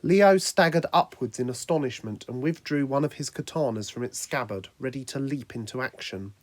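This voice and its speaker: A man's voice: mid-range voice, moderate pace, dry recording. A man narrating a fan fiction action story, reading steadily aloud.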